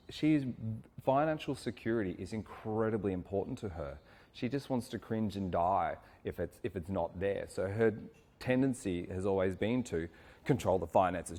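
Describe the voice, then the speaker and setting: Man, low-ish voice, earnest and reflective workshop leader. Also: dark tone, long reverb tail. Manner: earnest and reflective, slows on key words. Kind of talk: relationship coaching talk.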